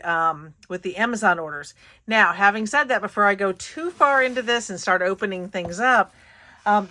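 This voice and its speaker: A woman's voice: medium pitch, bright, forceful tone. A woman hosting her craft channel, chatting casually and giggling through a paper haul with lots of fillers. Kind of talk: casual haul video chat.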